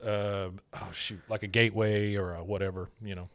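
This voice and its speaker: A man's voice: fairly low pitch, little pitch movement, moderate pace, clean tone, no room sound. A man casually recapping cartoon scenes and mimicking the characters as he goes. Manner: retells scenes and quotes characters in put-on voices. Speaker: podcast host recapping an episode. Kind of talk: casual chat.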